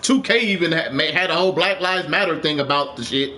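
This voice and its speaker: A man's voice: a little high, brisk, pushed and bright, a little hiss or hum. A man streaming a game live, ranting with passion, repeating himself and swearing. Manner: impassioned, repetitive, swears, rising to urgent.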